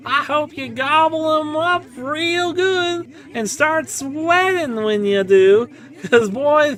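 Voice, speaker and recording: A man's voice: extremely high pitch, sharp tone, pitched above the performer's own voice, exaggerated voice. A man voicing a crude, rambling hillbilly tomato farmer with a put-on Southern drawl while streaming a game.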